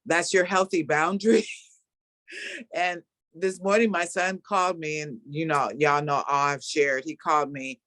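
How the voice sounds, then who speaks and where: A middle-aged woman hosting a casual video call chat, speaking warmly about a spiritual practice and laughing often. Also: low-pitched, fairly even intonation, a little slow, no room sound. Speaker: host.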